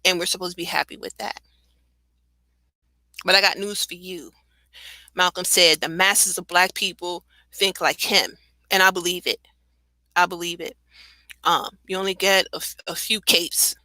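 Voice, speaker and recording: A woman speaks on a talk radio show. She is impassioned and conversational, laughing now and then and filling gaps with "you know" and "um." Her voice is bright and forceful, and it sounds dry and close. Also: lowish voice, fairly even intonation, normal speed, long pauses, no room sound, rough recording. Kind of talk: casual radio commentary.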